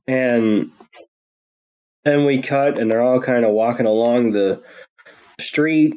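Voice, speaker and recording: Slow, sarcastic podcast co-host man. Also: mid-range voice, highs cut off. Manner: sarcastic blunt asides. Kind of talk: casual episode recap.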